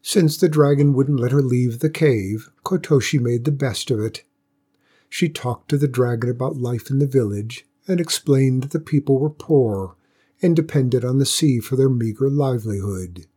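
Husky-voiced man reading a folktale. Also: mid-range voice, moderate pace, dark tone. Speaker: narrator. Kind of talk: storybook reading.

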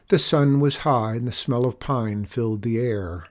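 A man narrating a children's storybook aloud in a gentle, expressive way. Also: mid-range voice, a little slow, few pauses.

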